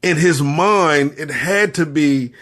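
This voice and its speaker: A podcast host and spiritual leader offers earnest, preacher-like commentary, repeating phrases for emphasis while holding back tears. His voice is on the high side and fairly bright, and he speaks slowly in this impassioned talk.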